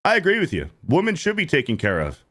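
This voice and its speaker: Streamer host, man in his thirties, animated and profane, voice swinging up and down a lot, repeats his points. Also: fairly high pitch, fast talker. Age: 30s. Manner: animated, repetitive, profane ranting. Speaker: streamer host reacting to clips. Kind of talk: casual reaction commentary.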